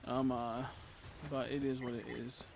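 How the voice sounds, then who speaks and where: A man streaming a video game live, muttering to himself as he plays, swearing a lot and breaking into frustrated shouts. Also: mid-range voice, level tone, measured pace, gravelly, a little hiss or hum. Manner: mutters and talks to himself while playing. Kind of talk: live gameplay commentary.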